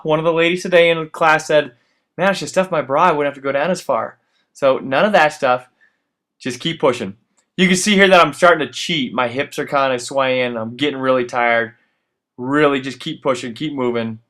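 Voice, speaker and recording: A man's voice: mid-range voice, moderate pace, pushed and bright. A man in his thirties coaching a workout over his own footage, pushing the listener on and panting after the exercises. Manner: urgent encouragement, breathless after exertion. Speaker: fitness instructor.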